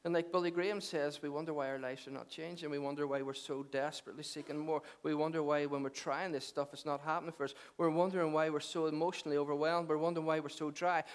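A man's voice: a little high, clean tone. A middle-aged man preaching a sermon, conversational and joking at first, then earnest and emphatic. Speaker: pastor.

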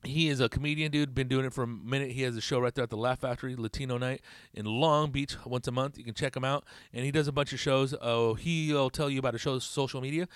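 A man's voice: mid-range voice, fairly even intonation, quick pace, hardly any pauses, smooth, dry recording, clean studio sound. A man hosting a podcast in casual chat, rambling, swearing a lot and laughing at his own jokes. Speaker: podcast host.

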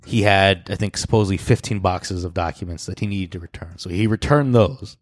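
A man with a lowish voice co-hosts a casual podcast, rambling through stories and news with plenty of profanity and laughter. The sound is dry and close, with no room around him. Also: a little fast, no echo. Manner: loose, laughing, profane banter with bursts of mock shouting. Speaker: podcast co-host. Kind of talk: casual chat.

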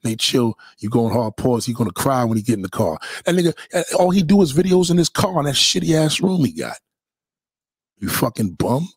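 Brooklyn man, husky, profane roast-style livestreamer. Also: medium pitch, big pitch swings, fairly quick, no room sound. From Brooklyn, New York. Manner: profane, mocking, loud bursts of insults. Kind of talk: trash-talking livestream rant.

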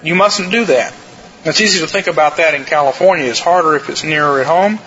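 A man preaching a sermon as pastor, earnest and emphatic, with slow stresses and quick asides. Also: a little high, sharp tone, dull audio.

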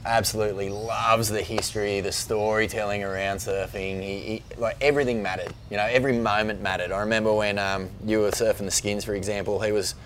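A middle-aged Australian man with a lowish voice, spinning surf stories in an excited, rambling way full of fillers. There is a faint hiss under the recording of this casual podcast chat. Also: brisk, hardly any pauses. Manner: animated storyteller, rambling with fillers. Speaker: guest, surf magazine editor.

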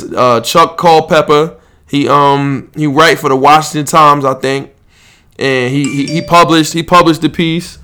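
A man's voice: fairly high pitch, a bit bright. A man with a New York accent hosting a casual sports podcast, ranting in a profane, rambling way with many restarts. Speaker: podcast host.

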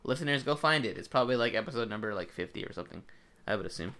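Casual male podcast co-host, lively pitch, jokey and loose, laughs a lot. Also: racing. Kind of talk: casual chat.

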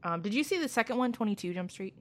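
A woman in casual movie chat, blunt and skeptical, with a lively delivery. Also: medium pitch, fast.

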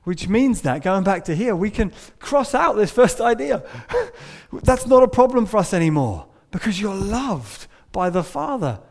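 A man delivering a church sermon, his voice sitting a little high for a man. He tells a story, sometimes dropping to a hush and sometimes pressing a point with emphasis. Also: very animated, a little slow, vocal fry. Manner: storytelling, shifting between hushed and emphatic. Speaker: preacher.

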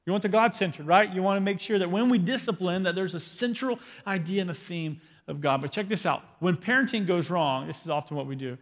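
A man's voice: high voice, fairly quick, hardly any pauses, long reverb tail. A man in his thirties, a pastor preaching a parenting sermon in a conversational, joking way, often asking the crowd questions. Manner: conversational, asks the crowd questions, self-deprecating humor.

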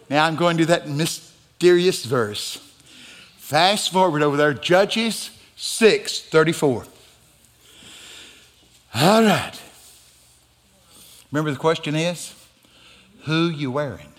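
A man preaching a sermon as a guest pastor, animated and rising into shouts. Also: a little high. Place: church sanctuary. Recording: church hall reverb.

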